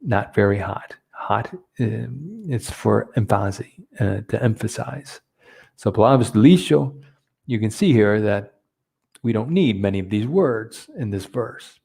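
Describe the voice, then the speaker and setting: A man teaching a Bible lesson, halting often with fillers and restarts. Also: fairly low pitch, creaky, darkish tone, husky. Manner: hesitant, many fillers and restarts, switching between two languages.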